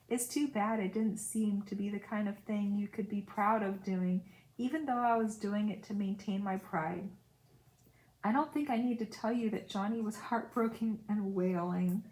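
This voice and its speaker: A woman's voice: mid-range voice, moderate pace, darkish tone, low-quality recording. A woman reading a novel aloud, stopping now and then for brief casual asides. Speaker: audiobook reader.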